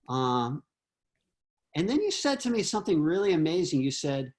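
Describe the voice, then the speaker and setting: A man's voice: fairly high pitch, expressive, normal speed, darkish tone. A man on a video call, earnestly telling a personal memory with many fillers and restarts. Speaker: disciple giving homage.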